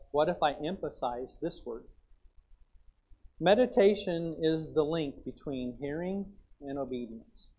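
A man's voice: fairly high pitch, vocal fry, darkish tone, muffled recording. A man preaching a sermon in a folksy, storytelling way, with plain asides and Bible quotes. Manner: folksy, acts out chewing sounds.

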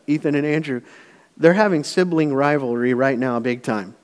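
Conversational pastor in a reverberant hall. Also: male voice, medium pitch, steady tone, moderate pace, a little mellow. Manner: conversational, anecdotal preaching with many restarts. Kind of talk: sermon. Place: church sanctuary.

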